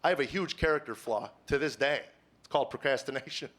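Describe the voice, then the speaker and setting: A man's voice: medium pitch, fast. Earnest middle-aged man telling a stage story. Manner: earnest, stammers with repeated words, swings from quiet musing to emphatic preaching. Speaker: comedian. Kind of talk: confessional stand-up storytelling. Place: stage before a live audience.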